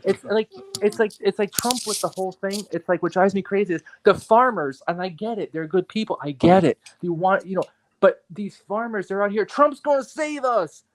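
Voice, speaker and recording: A man's voice: high voice, brisk. Ranting man on a podcast. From New York area. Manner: animated, profane, ranting with repetitions. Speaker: guest artist and photographer. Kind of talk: casual podcast conversation.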